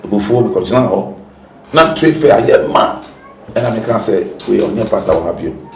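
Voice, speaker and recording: Ghanaian pastor guest, low-voiced, switches between English and Twi, recorded in a roomy space. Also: lively intonation, moderate pace, a little hiss or hum. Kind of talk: interview.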